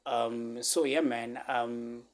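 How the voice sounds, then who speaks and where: A man telling a personal story on his vlog, halting and repeating himself, close to tears. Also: medium pitch, fairly even intonation. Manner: halting, repeats words, fillers like "man" and "right?". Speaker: vlogger.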